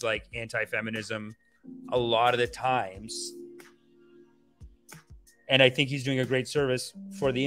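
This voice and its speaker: A male podcast host rambles through his reactions in a loose, profane, animated way. He keeps a mid-range voice and jumps quickly from one thought to the next. Faint music plays underneath him. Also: mid-range voice. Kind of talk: casual chat reacting to a trailer.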